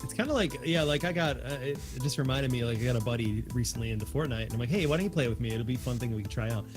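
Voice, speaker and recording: Man, guest, mid pitch, relaxed chat, clear background music. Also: racing. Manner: easygoing, laughs often. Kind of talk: casual interview chat.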